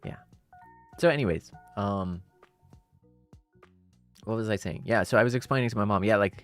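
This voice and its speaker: A man's voice: on the low side, normal speed, long pauses, dry recording, soft background music. A young adult man streaming and chatting casually with his viewers, rambling through his thoughts with many fillers and breaking into playful melodrama.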